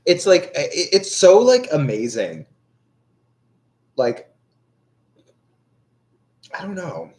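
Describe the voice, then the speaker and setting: A man's voice: a little high, wildly swooping pitch, takes it slowly, long pauses, darkish tone. A young man chatting casually on a livestream, ranting in an exasperated way and swearing often. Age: young adult. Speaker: livestream tarot reader. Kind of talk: casual rambling chat.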